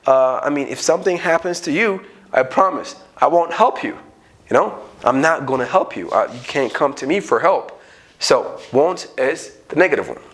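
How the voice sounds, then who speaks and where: A man with an Ethiopian accent gives an unrehearsed English grammar lesson, his voice sitting a little higher than most men's. He talks in an animated way and slips into short acted-out exchanges to show how the words are used. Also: moderate pace. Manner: animated, acts out little dialogues. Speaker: English teacher.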